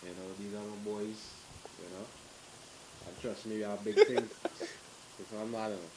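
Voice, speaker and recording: Trinidadian man telling animated stories. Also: lowish voice, measured pace, noisy background. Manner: animated, laughing, acts out quotes. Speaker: group member telling stories. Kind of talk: casual storytelling to camera.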